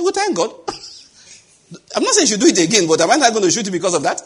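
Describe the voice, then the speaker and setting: A man's voice: high voice, wildly swooping pitch, fast, breathy edge. A middle-aged man with a Nigerian accent preaching a sermon, telling stories, acting out the dialogue and laughing at his own jokes. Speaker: pastor.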